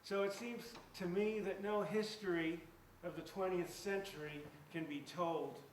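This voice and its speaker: A man's voice: sits high, steady tone, a little slow, slight background noise. A man giving a public lecture as an author, speaking earnestly and emphatically and often repeating words as he restarts his sentences. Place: lecture hall. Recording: echoey hall picked up from a distance.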